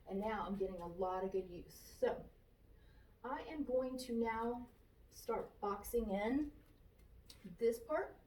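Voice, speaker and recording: This how-to comes from a Florida woman painting furniture in her shop, talking through each brush stroke in a relaxed way and repeating what she does. Her voice is medium-pitched and darkish, heard at a distance in an echoey room with a bit of hiss or hum.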